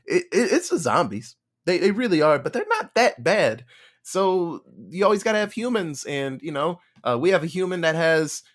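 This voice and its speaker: A man hosting a podcast in casual chat, lively and freely swearing. His pitch is slightly high and jumps around a lot as he acts out characters. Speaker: podcast host.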